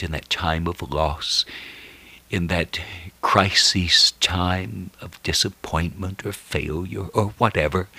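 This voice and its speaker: A man's voice: on the low side, fairly bright tone, no echo. A man preaching a sermon and praying, with an earnest, prayerful delivery.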